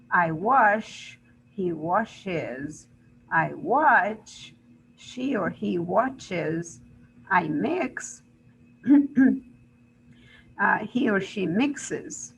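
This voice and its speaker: Slow, deliberate woman teaching English grammar. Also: mid-range voice, a bit bright, a little hiss or hum, poor audio. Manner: slow, deliberate, repeats examples and checks with "right?". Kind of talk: grammar lesson explanation.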